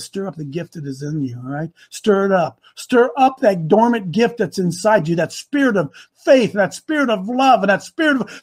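Animated man preaching a sermon. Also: extremely high pitch. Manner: animated preaching, rising to loud bursts. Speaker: pastor.

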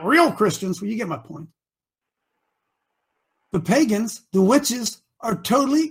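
A man leading a group as their coach, preaching with passion, often stammering over his words and sometimes shouting. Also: sits high, breathy edge. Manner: impassioned, stammering restarts, shouts at times. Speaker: group leader called Coach.

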